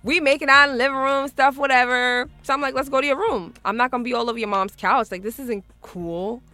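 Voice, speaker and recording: A woman's voice: high-pitched, fairly even intonation, fast, pushed and bright, no room sound. A woman hosting a radio show, telling a story in casual chat, laughing often and acting out both sides.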